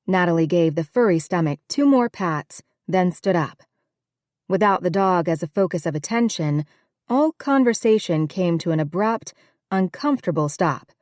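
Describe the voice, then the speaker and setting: Lowish woman narrating an audiobook. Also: moderate pace, dry recording, studio quality. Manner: steady, even reading. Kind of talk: scripted narration.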